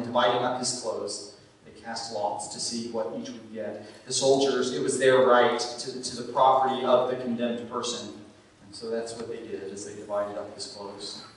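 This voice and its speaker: A man preaching a sermon as pastor, swinging from emphatic, raised bursts down to low, quiet stretches. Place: church sanctuary. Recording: echoey church from far off with faint noise.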